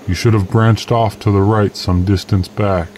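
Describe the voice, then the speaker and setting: A man's voice: on the low side, steady tone, moderate pace, darkish tone, a little hiss or hum, lightly acted. A man voicing a mysterious masked stranger who speaks in courtly, old-fashioned phrases. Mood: courteous, guarded.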